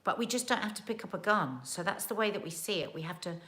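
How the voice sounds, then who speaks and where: A woman's voice: medium pitch, expressive, quick pace, a bit bright. A woman hosting a casual livestream from home, reading viewer comments aloud in a chatty, earnest and emotional way.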